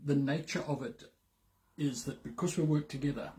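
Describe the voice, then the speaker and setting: A man's voice: mid-range voice, moderate pace, mellow. A man with a Zimbabwean English accent, co-hosting a casual chat with his wife; earnest and reflective, with a dry sense of humour. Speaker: co-host, business partner.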